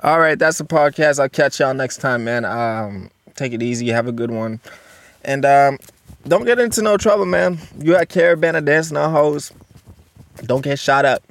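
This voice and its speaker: A man's voice: a little high, lively intonation, normal speed, no echo. A young man hosting a solo podcast, talking bluntly and profanely and rambling with lots of fillers. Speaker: podcast host.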